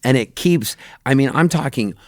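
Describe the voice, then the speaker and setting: A man from Southern California, a touring musician, telling animated stories on a radio show and acting out his friends' voices. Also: medium pitch, moderate pace, no echo, studio quality. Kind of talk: casual storytelling chat. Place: radio studio.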